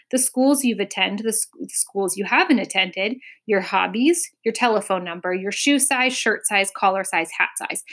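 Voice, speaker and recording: A woman voicing a fussy little man who is an official census taker, rattling off long lists in a brisk, officious manner. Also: medium pitch, fairly bright tone. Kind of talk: storybook character voice.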